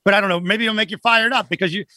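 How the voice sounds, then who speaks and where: Halting man, fairly high pitch, casual co-host chat, dry mic. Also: fairly even intonation, sharp tone, no room sound. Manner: halting, filler-heavy, laughs easily.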